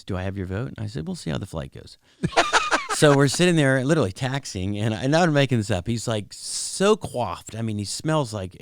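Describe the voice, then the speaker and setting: Man, middle-aged, comedian guest, animated storyteller, acts out voices, mid-pitched, dry close sound. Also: creaky, no echo. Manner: animated, acts out voices in anecdotes, laughs often. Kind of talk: casual chat, storytelling.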